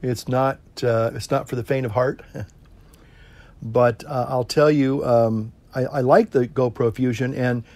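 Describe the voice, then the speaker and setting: Rambling, chuckling priest puffing on a pipe. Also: male voice, medium pitch, a little slow. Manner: relaxed, rambling, chuckling, with fillers and puffs on a pipe. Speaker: priest and pipe-smoking video host. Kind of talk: casual talk to camera.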